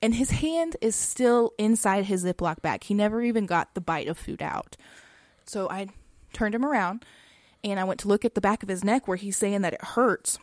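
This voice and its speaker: A woman co-hosting a podcast, telling a personal story in a casual, chatty way, often saying "like" with soft laughs. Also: mid-range voice, normal speed, no room sound, clean studio sound.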